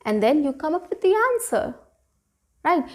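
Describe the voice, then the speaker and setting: A woman's voice: high voice, very animated, moderate pace. A woman, teaching a spoken lesson and explaining with lots of repetition and checking "right?". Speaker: English teacher.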